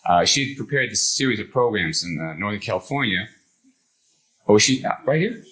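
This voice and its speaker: Older man, low voice, storytelling to a live audience, animated, acts out the voices in his story. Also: fairly quick, rough recording. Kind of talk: anecdotal talk to a live audience.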